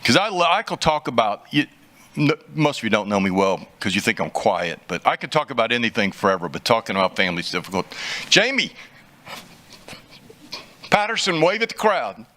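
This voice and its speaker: A man's voice: mid-range voice, sing-song, fairly quick, bright, forceful tone. A middle-aged man, a city council member, giving a rambling, joking, self-deprecating speech at a swearing-in in a council chamber.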